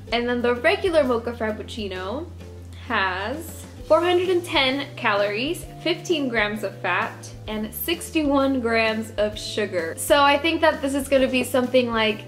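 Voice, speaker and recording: A young Texan woman reviews a drink in a casual vlog, sounding friendly and laughing easily. Her voice runs on the high side.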